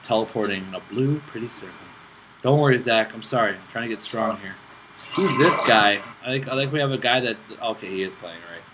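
Over background noise, a man with a lowish voice talks a little fast as he plays on his own gaming channel. His casual commentary is excitable, addressed to himself and teammates, and veers between self-mockery and flashes of frustration.

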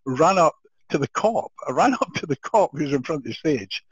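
An older Scottish man tells his story with lively energy, laughing often and restarting his sentences. His voice sits a little high and sounds husky. The recording is dry and dull, like lo-fi audio. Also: moderate pace, no room sound. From Scotland. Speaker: guest. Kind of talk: storytelling in a podcast interview.

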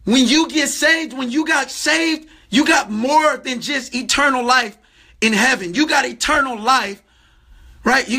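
A man delivers a livestream sermon in a fervent, repeating preacher's cadence. His voice sits very high for a man and rings bright and forceful.

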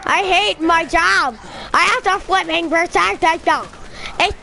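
A young woman playing a video game with a friend, bossing and joking in a playful role-play with shouty outbursts. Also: extremely high pitch, measured pace, creaky, slight background noise.

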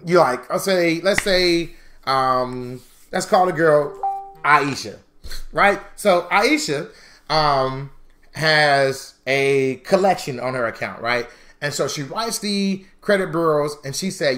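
A man teaching a live-streamed credit class, chatty and animated, calling viewers "y'all" and acting out mock quotes. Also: on the high side, slow. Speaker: credit repair instructor.

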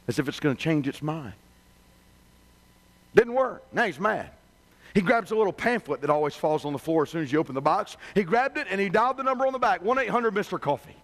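High-voiced male preacher telling folksy stories. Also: expressive, brisk, a bit bright. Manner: conversational, humorous, repetitive. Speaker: revival preacher. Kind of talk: sermon with folksy storytelling.

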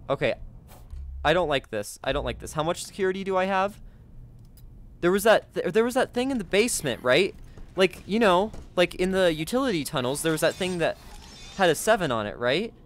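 A man giving let's play commentary, jumpy and excitable, gasping and yelping at scares. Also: sits high, fairly quick. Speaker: gaming YouTuber.

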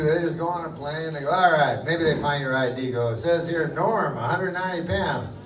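An older man doing a live stand-up set, deadpan and rambling with lots of profanity. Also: a little high, fairly quick, few pauses. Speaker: stand-up comedian. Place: live comedy venue with audience. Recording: echoey room from far off with loud crowd noise.

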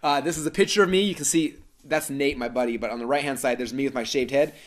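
Fast-talking American man telling a story. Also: medium pitch. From Idaho, United States. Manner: energetic storytelling with many fillers and restarts. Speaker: webinar host. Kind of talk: live webinar presentation.

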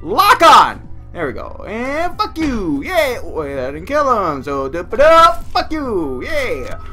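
A woman hosting a let's play, loudly swearing and shouting at the game in excitable outbursts. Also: medium pitch, slow, soft background music. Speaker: gaming channel host.

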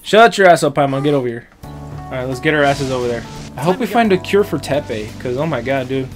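A man streaming a video game and commenting loudly, excitable, joking and crude. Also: mid-range voice, fairly quick. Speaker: gaming streamer. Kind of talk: let's-play commentary. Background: game music.

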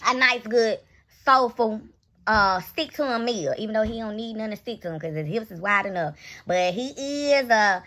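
A woman's voice: on the high side, normal speed, pushed and bright. A young woman ranting bluntly and profanely in a raw live reaction vlog, mocking and scolding. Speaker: reaction vlogger.

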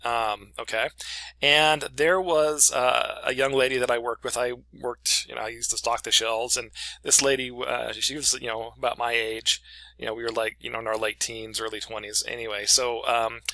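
Bright-voiced man lecturing casually. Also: medium pitch, little pitch movement, normal speed, dry recording, rough recording. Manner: chatty storytelling with frequent "okay?" checks. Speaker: English professor.

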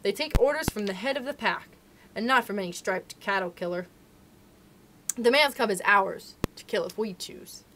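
Woman playing a grave, steady father wolf. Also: medium pitch, a little hiss or hum, close to an everyday voice, rough recording. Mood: firm. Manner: measured, grave explanation.

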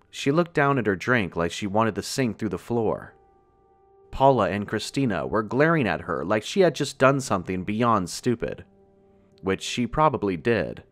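Low-voiced man narrating a horror story. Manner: steady first-person reading.

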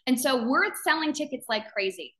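There is background noise behind this high, expressive woman's voice, which moves at a moderate pace. The founder of a business community, she gives members a fervent motivational talk on a live video call, emphatic and repetitive, quoting people's doubting voices as she acts them out.

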